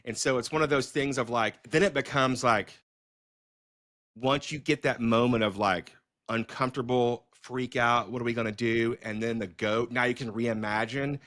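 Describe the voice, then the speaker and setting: A middle-aged man, a filmmaker hosting a podcast, telling stories in a casual, animated way with many fillers and restarts. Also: medium pitch, moderate pace, no echo, studio quality. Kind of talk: casual storytelling conversation.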